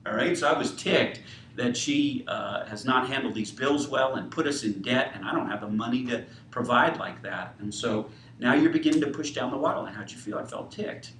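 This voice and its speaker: A man's voice: mid-range voice, fairly quick, a bit bright, roomy sound, far from the mic, slight background noise, low-quality recording. A man teaching a counseling class, walking through a client case and quoting the dialogue, with frequent fillers. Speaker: counseling instructor. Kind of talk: lecture with case role-play.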